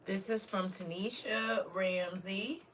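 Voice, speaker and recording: A woman's voice: mid-range voice, fairly even intonation, slow pace, fairly bright tone, a little hiss or hum. A woman, chatting casually on a live stream and holding back tears, talking straight to her viewers. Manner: emotional, talks straight to viewers. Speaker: live streamer opening gifts.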